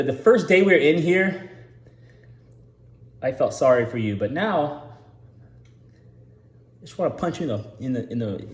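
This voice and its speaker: A man's voice: a little high, darkish tone, echoey room. A man voicing a bitter, vengeful middle-aged male burglar in jail, who stammers in exasperation.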